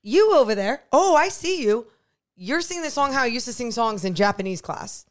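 A woman's voice: fairly high pitch, animated, brisk. A woman co-hosting a casual sports fan podcast, teasing and playful with her co-host. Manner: teasing, playful, sings parody song lyrics.

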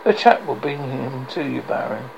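A sly, sneering male advisor, as a man reads him aloud, bitter and scheming. The voice is very gravelly, with pitch that moves a lot. Faint hiss sits under it. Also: lively intonation, moderate pace, darkish tone, low-quality recording.

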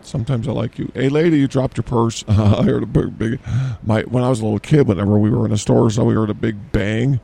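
A man co-hosting an improvised comedy podcast in a grocery store, rambling deadpan and trailing off mid-sentence. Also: medium pitch, quick pace, vocal fry. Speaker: podcast co-host.

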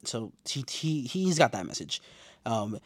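A man's voice: mid-range voice, measured pace, dry recording. Slangy man recapping a show, dry sound. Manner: animated, slangy, acts out quotes. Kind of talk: casual episode recap.

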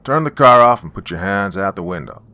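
A man's voice: deep voice, animated, fairly quick, sharp tone. A man voicing a stern police officer in a spoken story, giving firm commands. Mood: commanding.

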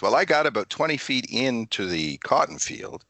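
A man's voice: mid-range voice, moderate pace, no room sound. A Canadian man co-hosting a casual chat and telling a funny anecdote, acting out what people said. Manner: animated anecdote teller, acts out quotes.

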